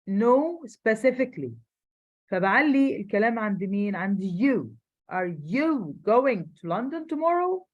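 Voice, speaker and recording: A woman with an Egyptian accent teaching an English class online, explaining rapidly in Arabic and slowing down for careful English. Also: fairly high pitch, a little mellow, rough recording. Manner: switches fast between Arabic and slow careful English.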